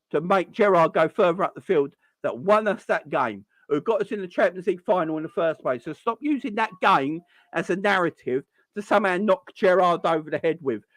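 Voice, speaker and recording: Young male stream host with a fairly high voice. Heated, exasperated rant, repeats himself. Dry, close sound. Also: lively intonation, normal speed, dry recording. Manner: exasperated, repeats and restarts words when wound up.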